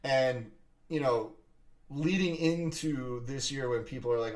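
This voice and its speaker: A man hosting a sports podcast, talking fast and excitedly in casual chat, often restarting his sentences. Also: mid-range voice, far from the mic. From Philadelphia area. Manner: fast, excited talk with frequent restarts and fillers.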